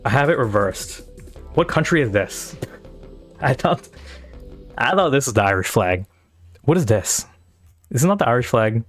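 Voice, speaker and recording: This is a medium-pitched, animated male voice at normal speed, with frequent pauses. He's a South Asian live streamer reacting in a loose, wandering, foul-mouthed way as he thinks out loud, while anthem music plays faintly behind him.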